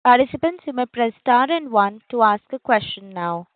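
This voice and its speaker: A woman's voice: on the high side, expressive, normal speed, no room sound. A woman working as a conference call operator, making polite, formal scripted announcements. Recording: dry tinny phone line.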